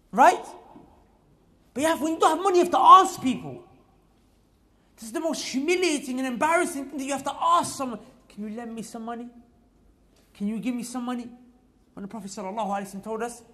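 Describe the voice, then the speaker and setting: A man giving a talk in a mosque, with a high voice for a man. He repeats his points and pushes them home with rising force. His delivery swings between quiet asides and loud appeals. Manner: emphatic, repetitive, rising to loud exhortation. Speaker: preacher. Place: mosque hall.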